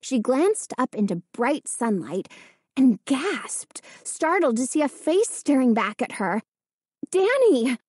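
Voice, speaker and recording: Slow, measured female audiobook narrator. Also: high-pitched, big pitch swings, darkish tone, slightly rough, no room sound, clean studio sound. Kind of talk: scripted narration.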